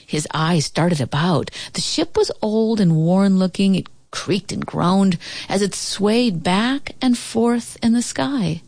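A woman narrating a children's storybook aloud, expressive with dramatic pauses. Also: mid-range voice, dry recording.

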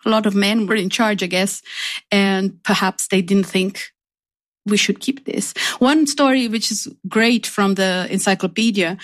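A woman's voice: mid-range voice, a little slow. A woman who is a guest on a radio interview, speaking in an earnest, reflective way that turns emotional.

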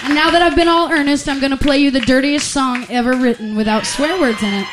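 A woman's voice: high voice, fast talker, few pauses, noisy background. A woman from Vermont, a singer chatting with her audience between songs, self-mocking and stammering a little as she restarts her sentences. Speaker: singer-songwriter performing live. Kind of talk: live stage banter between songs. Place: live music venue with audience. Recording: live concert recording with crowd and music.

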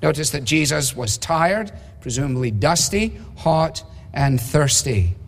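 A man delivers an expository sermon from the pulpit, measured and emphatic, often asking rhetorical questions. His voice sits somewhat high for a man. Long reverb from a large hall trails after each phrase. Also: lively intonation. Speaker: preacher.

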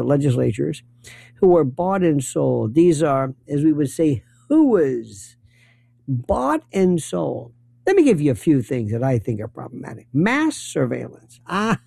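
A man rants in a sarcastic, disbelieving monologue, his voice gravelly and mellow. His pitch swings widely as he mocks and questions. The sound is dry and close. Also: dry recording. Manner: sarcastic, incredulous. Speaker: political commentator. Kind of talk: ranting monologue. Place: New York City.

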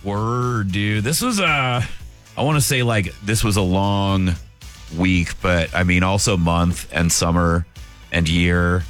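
A man's voice: low-pitched, slow, fairly bright tone, faint music behind. A man hosting a radio show, chatting and joking with a caller in a laid-back way. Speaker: radio host. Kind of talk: casual radio chat with a caller.

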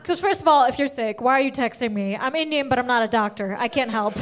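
A young woman delivers a stand-up comedy set on a club stage. Her voice sits high and she tells her story with animated energy, jumping into the voices of the people she quotes. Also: quick pace.

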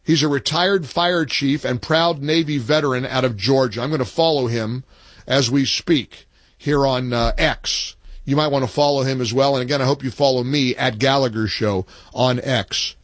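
A man's voice: mid-range voice, steady tone, normal speed, no echo. A man hosting a talk radio show, speaking emphatically from a studio microphone. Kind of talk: talk radio, reading a post and taking calls.

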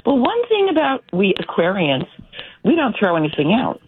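A woman calling in to a radio show, telling a story in a chatty, animated way. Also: mid-range voice, moderate pace, breathy edge, dry recording. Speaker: caller. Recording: phone line with faint noise.

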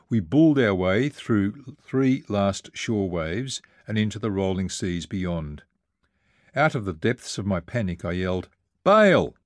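A man with a lowish voice narrates a first-person travel memoir as an audiobook. He reads in a measured, vivid way. The recording is dry, with almost no room sound. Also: dry recording.

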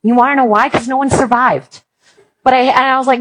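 A woman's voice: sits high, fairly even intonation, a little fast, a bit bright, poor audio. A woman giving a talk on Christian parenting, chatty and storytelling, with playful asides. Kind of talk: talk to an audience on faith and parenting.

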